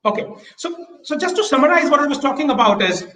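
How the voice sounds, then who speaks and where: A man coaching public speaking over a video call, energetic, with fast bursts and slow deliberate pauses. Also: very high-pitched. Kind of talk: online talk, coaching. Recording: echoey room.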